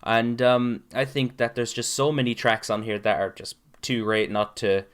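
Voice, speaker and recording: A man's voice: mid-range voice, little pitch movement, normal speed, clear, resonant tone. A young man co-hosting a casual podcast chat, laughing easily and admitting he stutters a lot. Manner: laughing, self-aware about stuttering. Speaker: podcast co-host.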